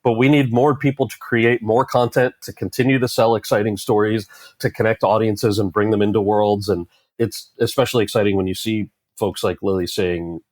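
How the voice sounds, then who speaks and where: Lively low-voiced man telling stories. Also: brisk, no room sound. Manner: animated, acts out quoted voices with rising pitch. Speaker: actor guest. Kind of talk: conversational interview storytelling.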